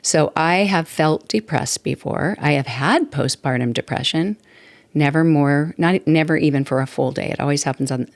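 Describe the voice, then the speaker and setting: A chatty woman in her sixties talks on her own podcast, rambling and laughing as she goes. Her voice has a gravelly fry in it. The recording is dry, with little room sound. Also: sits low, normal speed, no echo. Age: 60s. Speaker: podcast host. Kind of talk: casual solo talk. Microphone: desktop mic at computer.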